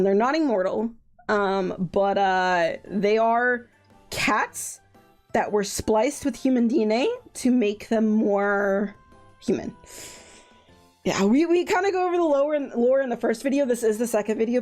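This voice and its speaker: A woman's voice: a little high, a little mellow. A woman streaming a visual novel, chatting in a rambling, giggly way and swearing freely. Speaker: let's play streamer. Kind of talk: casual chat while streaming a game.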